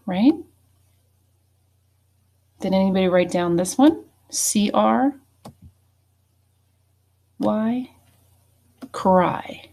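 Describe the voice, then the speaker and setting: Slow patient lady teaching phonics, bit of a gravelly fry. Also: medium pitch, darkish tone. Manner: patient, checking in with frequent "okay?" and "right?". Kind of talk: phonics lesson for young students.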